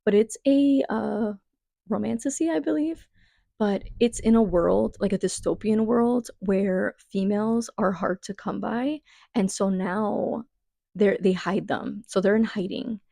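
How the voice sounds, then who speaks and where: A woman's voice: mid-range voice, a little slow, creaky, mellow, no echo. A young adult woman chatting casually about books on her vlog, gushing and emotional, with plenty of fillers. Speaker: book vlogger. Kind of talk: casual chat.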